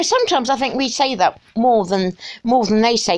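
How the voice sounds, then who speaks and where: Middle-aged woman, vlog rant, impassioned and exasperated, fairly high voice that swoops up and down. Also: lively intonation, normal speed. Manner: impassioned and exasperated, with sighs and mocking asides. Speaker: vlogger. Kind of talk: emotional rant to camera.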